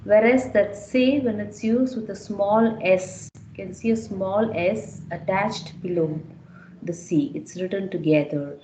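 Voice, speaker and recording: A woman's voice: mid-range voice, a little slow, mellow, a little hiss or hum. A woman teaching a French class, explaining step by step and repeating words so students can follow. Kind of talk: classroom lecture. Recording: echoey room.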